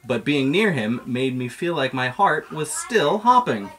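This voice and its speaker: A man's voice: mid-range voice, lively intonation, unhurried, fairly bright tone, a little hiss or hum. A man reading a children's picture book aloud in a playful storytelling manner. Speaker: reader.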